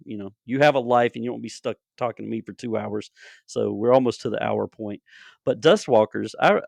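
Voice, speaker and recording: A low-voiced man with a Deep South drawl hosts a podcast chat, his voice gravelly with fry. He talks easygoing and restarts his sentences often. The sound is dry and close. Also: no room sound. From Deep South, United States. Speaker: podcast host. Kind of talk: casual interview.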